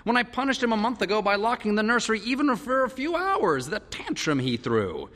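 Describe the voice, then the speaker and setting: A man's voice: high-pitched, big pitch swings, fairly quick, bright, forceful tone, in a large hall, voice pushed up, exaggerated voice. A man voicing an anxious, tearful woman, a wife and mother, who pleads in a tense voice. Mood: insistent.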